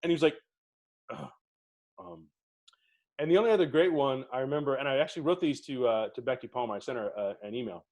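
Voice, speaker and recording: A man's voice: medium pitch, quick pace, long pauses. A middle-aged man, a podcast co-host, telling theatre stories in casual talk and acting out the people he quotes. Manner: animated anecdotes, acting out quoted voices. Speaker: podcast co-host being interviewed. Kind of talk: casual storytelling.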